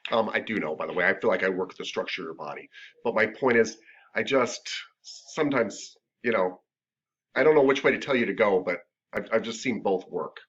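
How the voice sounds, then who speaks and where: A middle-aged man teaching a massage therapy class in a chatty, joking way with animated asides. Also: lowish voice, fairly quick, breathy edge, highs cut off. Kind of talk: classroom lecture.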